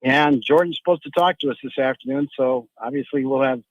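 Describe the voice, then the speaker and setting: A man's voice: medium pitch, fairly quick, no room sound, dull audio. A man giving football analysis as a guest on a sports talk radio show, rambling and restarting often.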